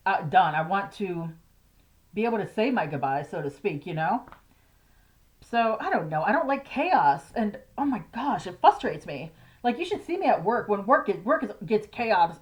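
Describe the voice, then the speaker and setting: A middle-aged woman vlogging casually about her grief, rambling and hesitant, with nervous laughs. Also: mid-range voice. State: grieving. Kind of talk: casual personal vlog. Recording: slightly dull lo-fi audio.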